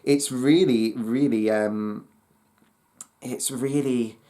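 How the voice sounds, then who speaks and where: A man talks through an album review in an unhurried, halting way. He keeps stopping to search for words, with many fillers and restarts. His pitch sits in an ordinary middle range. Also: steady tone, mellow. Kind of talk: casual spoken album review.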